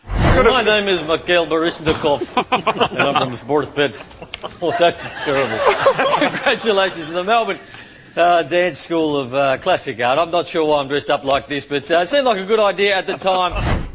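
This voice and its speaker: A man putting on a clumsy fake Russian accent, playing a ballet dancer he clearly doesn't believe in. The voice sits a bit high and swoops all over, and he keeps cracking up mid-line. Faint hiss behind. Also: lively intonation, normal speed, long pauses, a bit bright. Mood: sheepish. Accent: put-on Russian. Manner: awkward, laughing through lines.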